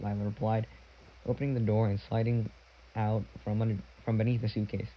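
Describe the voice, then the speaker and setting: A man narrating a children's novel aloud in a plain, even reading with small restarts. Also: lowish voice, fairly quick, lo-fi sound, a little hiss or hum. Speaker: audiobook reader. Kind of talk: storybook narration.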